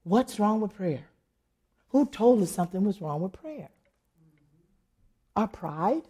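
Animated woman telling a funny testimony. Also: medium pitch, slow, breathy edge. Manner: animated storytelling, laughs often. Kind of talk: humorous personal testimony.

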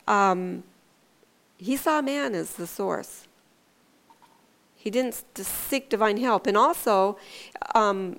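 Middle-aged woman preacher, earnest sermon storytelling, mid pitch, emphatic build-ups, loose fillers.

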